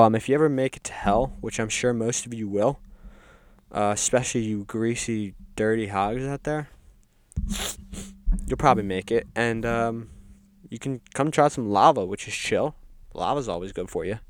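A man of middling pitch rambles through a deadpan comedic monologue, casually playing a resident of hell. His voice is smooth and resonant, recorded dry and close with no room sound. He pads his sentences with ums and uhs. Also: no echo. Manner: rambling, deadpan, filler-heavy with frequent ums. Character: resident of hell describing its games. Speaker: comedic podcast host.

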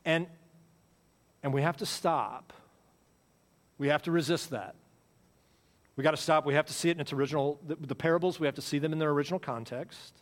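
A man's voice: a little high, fairly quick, pauses often. Man preaching in a reverberant hall. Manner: conversational preaching with repeated phrases and dramatic swings in volume. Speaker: pastor. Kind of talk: sermon. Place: church sanctuary.

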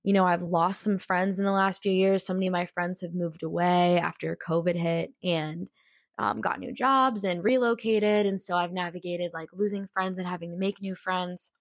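A woman's voice: fairly low pitch, normal speed, dry recording, clean studio sound. Bubbly young woman podcast host. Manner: bubbly, excitable, slangy. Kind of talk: casual solo podcast chat.

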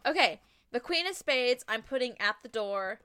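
A young woman vlogging a spooky ritual with a friend, talking casually and getting excitable and shrieky. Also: a little high, normal speed, smooth, no room sound. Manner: excitable, shrieks and laughs when scared.

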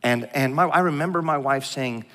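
Animated pastor in a reverberant hall. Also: male voice, fairly high pitch, normal speed. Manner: animated, joking storyteller who drops to a hushed tone for serious moments. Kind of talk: sermon. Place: large church hall.

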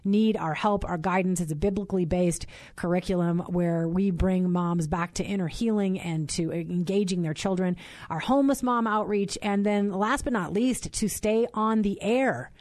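A woman's voice: medium pitch, moderate pace, darkish tone, no room sound, studio quality. A woman in her forties hosting a Christian radio talk show, chatty and bubbly, laughing often. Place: radio studio.

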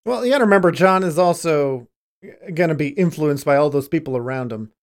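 A man's voice: fairly high pitch, a little fast. A man in casual chat, confident and jokey, swearing as he makes predictions.

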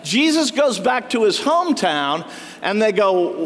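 A man's voice: high-pitched, big pitch swings, a little slow, fairly bright tone. A man preaching a sermon as pastor, telling stories and acting out the lines of quoted townspeople. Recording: long reverb of a hall.

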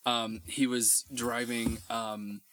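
A man co-hosting a podcast from Texas, chatting casually and telling animated stories with frequent laughs. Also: medium pitch, takes it slowly, slight background noise. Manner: animated storyteller, laughs often. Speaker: podcast co-host. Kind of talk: casual chat.

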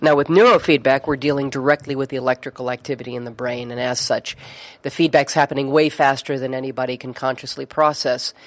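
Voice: medium pitch, steady tone, fast. A neurofeedback therapist telling a story in conversation, chatty, with frequent fillers and restarts.

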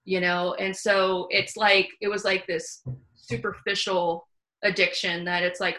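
Bright-voiced woman hosting a candid chat. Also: mid-range voice, measured pace, low-quality recording. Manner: animated, candid, salty storytelling. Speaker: host. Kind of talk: casual chat.

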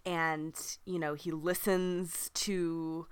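A woman co-hosting a casual podcast chat, speaking in a giggly, relaxed way. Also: low-pitched, drawn-out words, clean tone. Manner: giggly, casual, says dude. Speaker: podcast co-host.

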